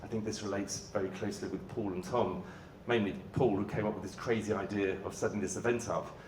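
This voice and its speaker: A man giving a motivational keynote talk, telling his story dramatically with bursts of shouting in a large venue. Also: fairly low pitch, steady tone, fairly quick, recorded from a distance, a little hiss or hum. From Great Britain. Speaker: motivational speaker. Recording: echoey venue hall.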